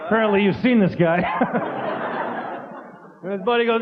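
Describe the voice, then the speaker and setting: A man doing a stand-up comedy routine on a theater stage, animated and full of mimicked sounds. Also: sits high, moderate pace, a crowd in the background. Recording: dull lo-fi tape with noise.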